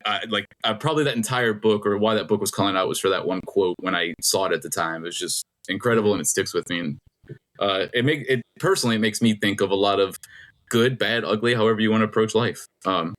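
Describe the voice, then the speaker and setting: Male trivia host, middle-aged, low-set voice, chatty and rambling, reads clues deliberately. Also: a bit bright. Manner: rambling, laughs often, reads clues slowly. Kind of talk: casual podcast quiz hosting.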